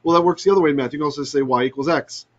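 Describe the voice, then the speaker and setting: A man teaching a Bible study in an animated way, often checking in with "right?" and mixing in Hebrew terms. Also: on the high side, rapid-fire, lo-fi sound. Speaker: Torah teacher.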